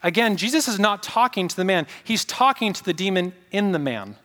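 A man's voice: sits high, expressive, a little fast, sharp tone, in a large hall. A male pastor preaching a sermon, emphatic, repeating key points and asking the congregation questions.

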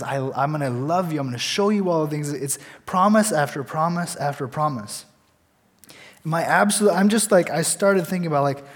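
A man's voice: on the high side, in a large hall. A young man talking casually and earnestly about faith, reading scripture aloud and telling a personal story, with frequent restarts and fillers.

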